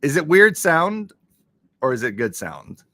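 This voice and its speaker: Animated man hosting a live stream. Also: fairly high pitch, unhurried, no echo. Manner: excitable, thanks viewers, frequent laughter. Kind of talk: casual live-stream chat with viewers.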